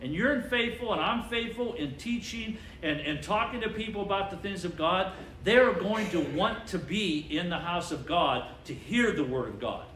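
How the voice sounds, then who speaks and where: Pastor, man, high voice, emphatic call-and-response preaching, roomy church sound. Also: lively intonation, normal speed, few pauses, a bit bright, slight background noise. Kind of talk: sermon. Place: church sanctuary. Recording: echoey church with faint ambience.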